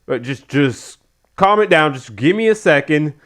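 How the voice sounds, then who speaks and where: A man's voice: high-pitched, expressive, slow, fairly bright tone, pitched above the performer's own voice, full character voice. A man voicing a panicky male wrestler who stammers and repeats himself as he backs out of a stunt.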